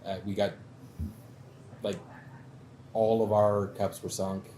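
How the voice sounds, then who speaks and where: A man telling a drinking story in relaxed, wry casual chat, with some swearing. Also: lowish voice, takes it slowly. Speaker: show regular. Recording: echoey room with faint background noise.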